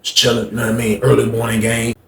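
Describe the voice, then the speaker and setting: A man telling a story casually, animated and slangy, acting out the quotes. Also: medium pitch, quick pace, a little hiss or hum. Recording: roomy echo with faint ambience.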